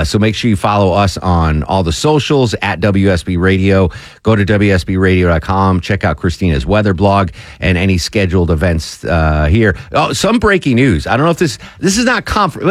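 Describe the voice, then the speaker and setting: Lively chatty male radio host. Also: on the low side, no echo. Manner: chatty, jokey, reads promos with emphasis. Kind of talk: morning talk radio chat and promos. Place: radio studio.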